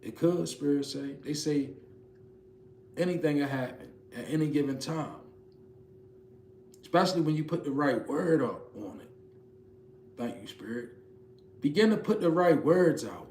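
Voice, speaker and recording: A man delivers a spiritual message like a preacher, rising and pressing on his points in a rhythmic, emphatic way. His voice sits a little high, with quick soft asides dropped in. He is recorded in an echoey room. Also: expressive, slight background noise. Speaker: spiritual reader.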